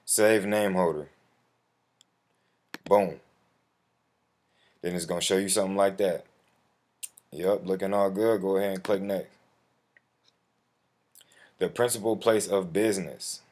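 Man, very low voice, relaxed street-slang delivery, walks viewers through a form over keyboard clicks. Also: unhurried, pauses often. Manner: slangy, addresses viewer as bro; profane when flustered. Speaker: tutorial host. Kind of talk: casual screen-recorded walkthrough. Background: keyboard typing and mouse clicks.

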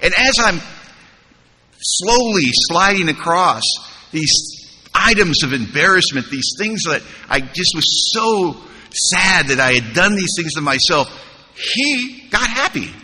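Male speaker, wry storyteller at a podium, lively asides to the crowd; large hall reverb with faint noise. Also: a little high, unhurried. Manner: humorous, conversational, asks the room rhetorical questions. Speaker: recovery meeting speaker. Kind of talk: storytelling talk at a recovery convention.

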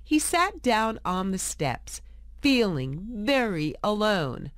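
Slow, expressive woman reading a story. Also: medium pitch, no room sound, clean studio sound. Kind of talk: scripted storybook narration for English learners.

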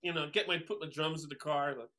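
A man, a drummer telling stories as a guest, animated and acting out the voices of people he quotes. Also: on the high side, fast talker, a little hiss or hum. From Long Island, New York. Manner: animated, acts out quoted voices, many fillers. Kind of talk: casual storytelling interview.

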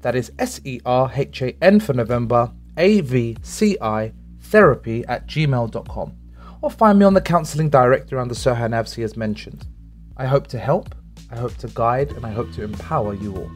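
A young man co-hosting a podcast, earnest and measured as he talks about his work as a therapist. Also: mid-range voice, animated, soft background music. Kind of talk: casual chat and scripted promo.

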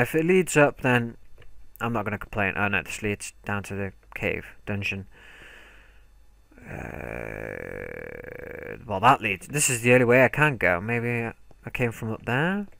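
A young man gives let's play commentary in a lowish voice with vocal fry and a fairly bright tone, on a dry recording. Jumpy, he talks to himself and yelps when startled.

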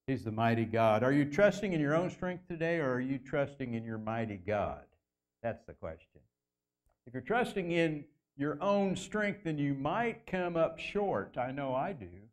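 A man preaching a sermon as pastor in a church, earnest, slowing down and lifting his voice to stress key phrases. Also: very animated. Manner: earnest preaching, slows and lifts pitch for emphasis. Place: church sanctuary.

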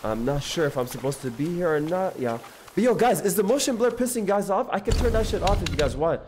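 A young man live-streaming a game, chatting excitedly and slangily with his viewers. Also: sits high, quick pace, a little hiss or hum. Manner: excitable, slangy, keeps addressing chat. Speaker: gaming streamer. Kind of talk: casual live-stream chat.

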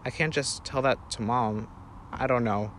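A young woman, the anxious older sister, talks in a pleading, worried way, as a man reads her part. Her voice sits at a middling pitch. A faint hiss of noise runs underneath. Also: unhurried, a bit bright, natural voice. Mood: tender. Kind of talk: read-aloud story voicing.

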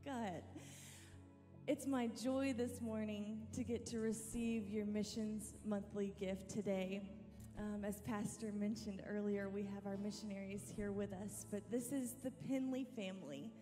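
A woman's voice: medium pitch, steady tone, unhurried. A woman making friendly church announcements from the stage, introducing visiting missionaries. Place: large church sanctuary. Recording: live in a reverberant church with music.

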